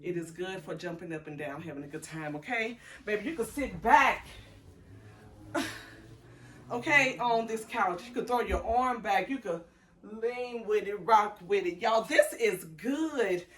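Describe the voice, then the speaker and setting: A woman reviewing a couch in her small apartment living room, chatty and animated, calling viewers girl, honey and y'all. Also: mid-range voice, a little slow, recorded from a distance, a little hiss or hum. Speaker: home vlogger reviewing a couch. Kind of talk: casual chatty product review.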